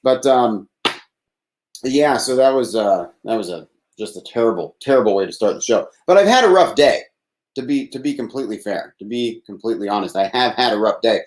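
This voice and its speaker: With a lowish voice, lively intonation and a slightly fast delivery, a man hosts a solo live call-in show from his desk amid slight background noise. He rambles in a thin, somewhat whiny voice, full of self-deprecation, sighs and swearing, through a desk microphone with no processing.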